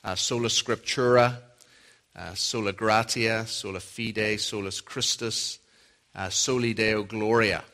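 Slow, measured Northern Irish preacher. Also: male voice, on the low side, steady tone. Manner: measured, deliberate preaching with gentle humor. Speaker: preacher and Old Testament professor. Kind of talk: sermon.

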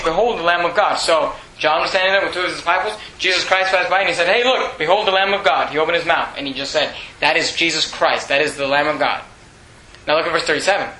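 A man preaching a sermon, emphatic, with bursts of loud, bold delivery. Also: high voice. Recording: echoey room, faint hum.

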